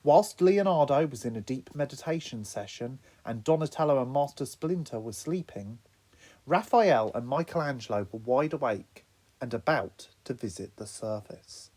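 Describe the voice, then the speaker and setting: A man narrating an audiobook, expressive storytelling. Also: normal speed. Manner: expressive storytelling with lively pitch.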